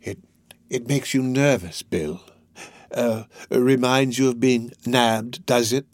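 A man reading an audiobook, voicing a scheming, wheedling old male fence who talks in a slow, ingratiating drawl. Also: mid-range voice, natural voice. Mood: needling. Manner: ingratiating, drawn-out.

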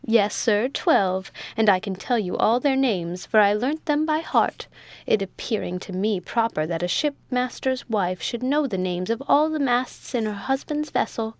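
A woman's voice: on the high side, lively intonation, normal speed, dry recording. A woman reading a story aloud, voicing a chatty, proud, weak-minded elderly widow in a prim, earnest, rambling way.

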